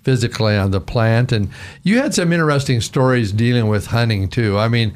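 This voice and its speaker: A man's voice: medium pitch, brisk. A man, a pastor hosting a radio interview show, asking friendly, teasing questions.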